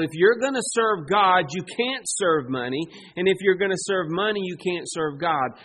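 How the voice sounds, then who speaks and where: A man preaching a sermon as pastor, slow and emphatic, drawing out the words he stresses. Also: high-pitched, a bit bright.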